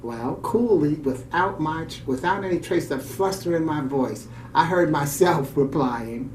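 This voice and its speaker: With a medium-pitched voice at normal speed and hardly any pauses, a radio co-host reads a story aloud, warmly tossing in reflective asides. The mic is distant, the sound roomy with faint ambience and a little hiss or hum.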